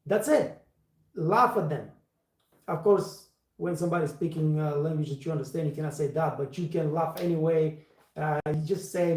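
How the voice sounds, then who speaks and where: A man's voice: a little high, moderate pace, a little mellow. Emphatic man, echoey room. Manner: emphatic, repeats words for stress, non-native phrasing. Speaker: livestream host and waiter trainer. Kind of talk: casual livestream talk.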